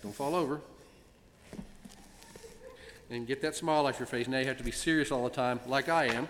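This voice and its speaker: A man of middle pitch addressing a congregation as its president, speaking ceremonially but slipping in gentle jokes between pauses. His voice carries a long reverb from the large sanctuary. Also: a little hiss or hum. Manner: warm, gently joking, with frequent pauses. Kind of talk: ceremonial presentation speech. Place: synagogue sanctuary.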